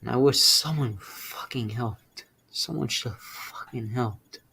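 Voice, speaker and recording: A young man speaking in a halting, emotional personal confession, close to tears and swearing in frustration. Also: mid-range voice, creaky, bright, forceful tone, a little hiss or hum. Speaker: streamer.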